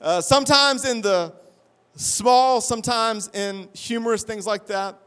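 A man preaching a sermon, telling a funny, self-deprecating story in an animated way. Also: sits high, measured pace, clean tone. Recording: long hall reverb.

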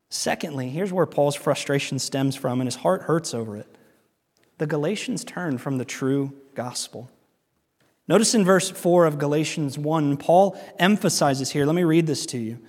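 A man's voice: a little high, expressive, normal speed, darkish tone, big-room sound. A male pastor preaching a sermon in a conversational, emphatic way, often repeating his key points.

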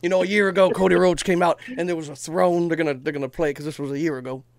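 A man with a gravelly, slightly raised voice holds forth in casual chat, emphatic and quick to swear. His storytelling is animated. The sound is dry and close. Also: on the high side, no echo. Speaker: podcast co-host.

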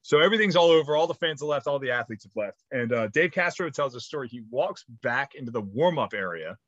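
A man's voice: medium pitch, quick pace, no room sound, muffled recording. A man in his thirties co-hosting a podcast, telling rambling stories with lots of swearing in casual chat. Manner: rambling, animated storytelling with swearing. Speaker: podcast co-host.

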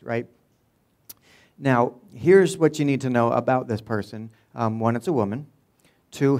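A man's voice: medium pitch, darkish tone. Man preaching a casual, joking sermon. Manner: casual storytelling, asides and jokes. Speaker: pastor.

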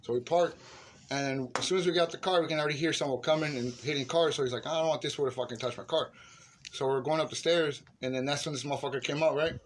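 Profane, animated man telling a story. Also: fairly high pitch, fast. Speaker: storyteller among friends. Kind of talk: casual chat. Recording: noisy room recording.

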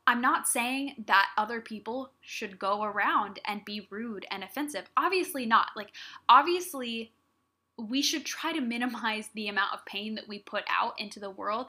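Bright-voiced young woman podcast host. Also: on the high side, normal speed. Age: young adult. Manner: earnest, encouraging, direct address to listeners. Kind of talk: solo motivational talk.

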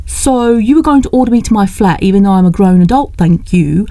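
A woman's voice: mid-range voice, lively intonation, fairly quick, no echo, lightly acted. A woman voicing a fiery, frustrated young woman who talks back indignantly. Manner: indignant, sharp-tongued. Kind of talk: audiobook character reading.

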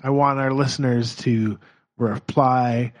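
A man co-hosting a podcast in a laid-back, halting casual chat. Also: mid-range voice, steady tone. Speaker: podcast co-host.

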